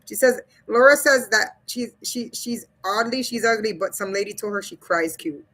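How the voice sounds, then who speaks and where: A livestream host speaks at a moderate pace in a medium-pitched voice with a sharp edge. Reading comments aloud and chatting directly with viewers, she keeps things blunt and casual, swearing and laughing throughout.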